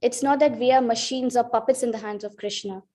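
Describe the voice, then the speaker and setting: A woman with a fairly high voice teaches a devotional class in a temple. She tells a sacred story and gives the figures in it heartfelt, emotional voices. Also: steady tone, fairly quick, warm tone. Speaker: class speaker.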